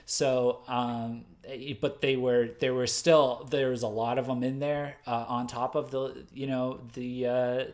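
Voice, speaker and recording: Man, from the US, livestream host, casual off-the-cuff talk, many fillers, mid-range pitch. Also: little pitch movement, a little slow, hardly any pauses, darkish tone. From United States. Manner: rambling, full of fillers and self-corrections; laughs at his own mistakes. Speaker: host of a music news livestream. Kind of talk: unscripted livestream commentary.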